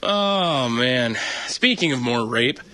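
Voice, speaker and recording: Bright-voiced crude podcast host. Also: male voice, mid-range voice, expressive, slow, dry recording. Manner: joking, crude, laughs often. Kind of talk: crude comedic news chat.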